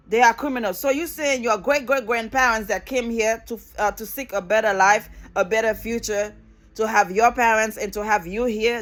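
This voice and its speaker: A middle-aged woman speaking in a fairly high voice, ranting straight to camera. She is fired up and emphatic, hammering her points with repetition and blunt swearing. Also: a bit bright. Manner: angry, emphatic, repeats phrases, swears. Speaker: vlogger. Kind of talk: impassioned political rant to camera.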